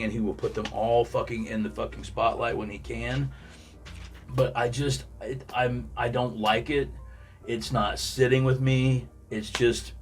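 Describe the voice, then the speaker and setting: A man's voice: mid-range voice, recorded from a distance. A man giving blunt, profanity-heavy opinions in a casual rant about the week's shows. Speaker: wrestling commentary podcaster.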